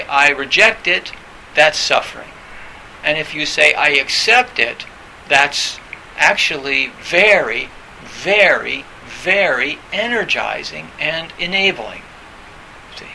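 Gravelly bright man giving a dharma talk. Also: a little high, low-quality recording. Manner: conversational, many fillers and restarts, acts out quoted voices. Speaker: meditation teacher. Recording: faint hiss.

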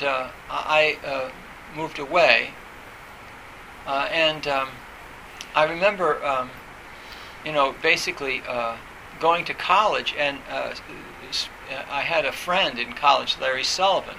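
A man giving a reflective talk on meditation, speaking haltingly with many pauses, fillers and restarts. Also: mid-range voice, vocal fry, background noise.

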